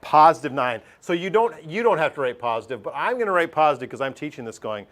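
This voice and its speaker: A man's voice: a little high, sing-song, fast talker, few pauses, a bit bright. A middle-aged man teaching a math lesson over a screen recording, chatty, thinking aloud and putting questions to himself.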